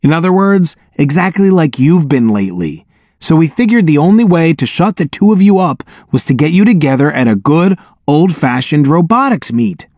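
A man's voice: on the high side, big pitch swings, moderate pace, a little mellow, no room sound, clean studio sound, pitched above the performer's own voice. A man voicing a sarcastic teenage boy. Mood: teasing. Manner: sarcastic, needling. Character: wisecracking teenage boy, sharp-tongued.

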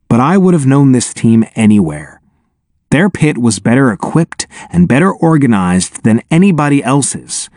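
A man narrating an audiobook in an expressive, wry first-person telling, on a close studio mic. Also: mid-range voice, no echo.

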